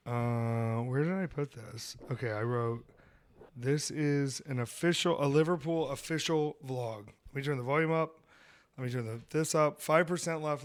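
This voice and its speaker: A man's voice: medium pitch, dry recording. A man hosting a podcast in casual chat, telling rambling, jokey stories about wrestling.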